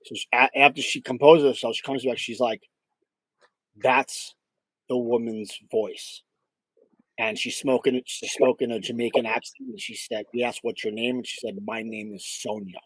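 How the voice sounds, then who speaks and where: A man's voice: medium pitch, a little fast, few pauses, fairly bright tone, breathy edge, no room sound, rough recording. A man, a paranormal investigator, telling a case story in a casual interview with many fillers and acted-out quotes.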